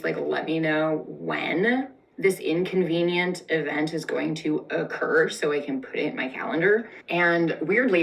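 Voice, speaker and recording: A young woman with a low voice tells an old story for laughs, and she swears freely and sprinkles "like" through every line. Her tone is sarcastic and full of snarky asides. She sounds a little far from the mic. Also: gravelly, fairly bright tone. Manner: sarcastic, profane, valley-girl "like" filler, snarky asides. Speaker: comedic storyteller. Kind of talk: casual comedic retelling.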